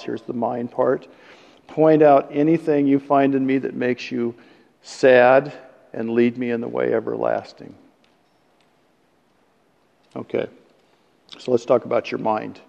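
Gravelly-voiced preacher in an echoing hall. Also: male voice, mid-range voice, warm tone. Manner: conversational, self-deprecating, chuckles at own jokes. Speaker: pastor. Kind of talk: sermon. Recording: dull sound with long hall reverb.

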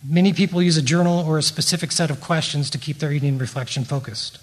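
A middle-aged man with a slightly high voice gives a prepared teaching talk at a faith-based recovery meeting, speaking in a measured, earnest way.

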